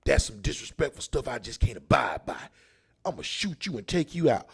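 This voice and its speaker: A man voicing a gunman who talks in a loud, mock-formal way. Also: medium pitch, big pitch swings, brisk, creaky, slightly rough, voice pushed down, heavily acted. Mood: mock polite. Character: polite male gunman, overly formal.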